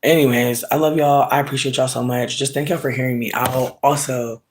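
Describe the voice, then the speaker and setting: A man vlogging in a casual storytime rant, peppered with swearing. He jumps between loud, high outbursts and low mutters. His voice sits at an ordinary middle pitch, and he smokes as he talks. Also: steady tone, fairly quick. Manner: smokes while talking.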